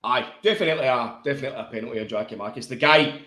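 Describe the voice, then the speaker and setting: This co-host from Glasgow, Scotland, has a bright, forceful, mid-range voice and talks very fast. His casual football podcast chat is blunt, matey, and full of swearing, like pub banter, in an echoey room.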